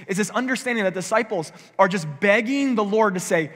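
A man's voice: sits high, normal speed, a bit bright, in a large hall. A male pastor preaching a conversational sermon, acting out what people might say. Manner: conversational preaching, acts out quoted voices. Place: church sanctuary.

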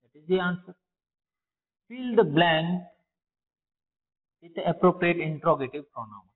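A teacher with an Indian English accent goes over test answers with his pupils, posing questions and then answering them himself. His voice sits on the high side, expressive and unhurried. The recording sounds phone-like, with a long reverb.

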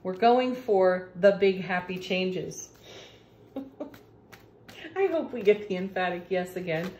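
Slow-talking woman doing a tarot reading. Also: fairly low pitch, lively intonation, a little hiss or hum. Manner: slow, warm-hearted, laughs often, gushing about the cards. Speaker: tarot reader. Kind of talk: casual spiritual tarot reading. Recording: echoey room.

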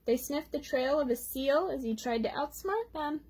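A woman reading a children's picture book aloud at storytime, gently pausing to explain words for young listeners. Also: high-pitched, expressive. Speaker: storytime reader.

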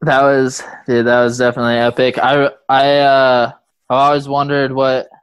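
A man's voice: medium pitch, level tone, normal speed, smooth, no echo. A man hosting a casual interview, easygoing, laughing along and using slang. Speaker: podcast host.

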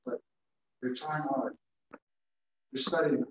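A male teacher giving a classroom lecture to students, animated and playful, acting out examples as he goes. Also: medium pitch, takes it slowly, a little hiss or hum. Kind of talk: classroom lecture on public speaking. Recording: echoey classroom from far off, dull.

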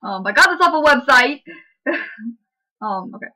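A woman's voice: high-pitched, expressive, normal speed, pushed and bright, poor audio. A woman vlogger chatting casually and giggling often as she reads an online chat aloud. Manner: giggly, lots of fillers and laughs.

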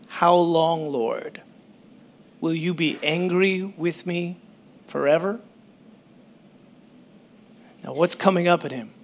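A man pastor giving a sermon in a conversational, animated way, often breaking off mid-sentence to restart. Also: high voice.

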